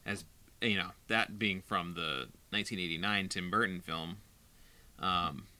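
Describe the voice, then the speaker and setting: A man's voice: low voice, unhurried, sharp tone. A man co-hosting a podcast in casual chat, talking hesitantly with many "like"s and restarts. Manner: hesitant, lots of fillers and restarts. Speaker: podcast co-host.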